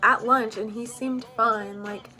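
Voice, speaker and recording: A woman's voice: a little high, steady tone, a little slow, bright, forceful tone. Rambling young woman telling a story. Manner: rambling, full of "like" and "you know". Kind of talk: casual storytime.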